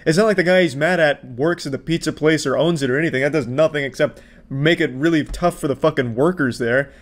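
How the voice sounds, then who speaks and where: A man doing sarcastic video commentary in a deadpan, mocking voice, swearing freely. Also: on the high side, quick pace. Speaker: commentary host.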